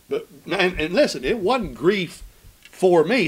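Bright-voiced preacher man, loud then hushed. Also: high-pitched, very animated, a little slow, husky, poor audio. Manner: calls questions to the congregation and swings from loud to hushed. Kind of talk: sermon.

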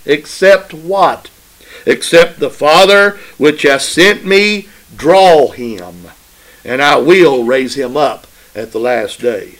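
A man's voice: a little high, lively intonation, slow, a bit bright, poor audio. A man preaching a sermon, emphatic and repetitive, often asking his listeners "right?" in a call-and-response way. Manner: emphatic, repeats phrases for stress.

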